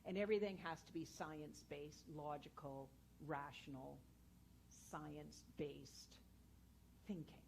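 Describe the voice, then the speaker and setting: A woman's voice: deep voice, steady tone, a little slow, creaky, darkish tone, slight background noise, poor audio. Earnest woman speaker telling personal stories. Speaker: guest speaker and educator. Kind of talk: inspirational talk to an audience. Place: spiritual centre hall with a live audience.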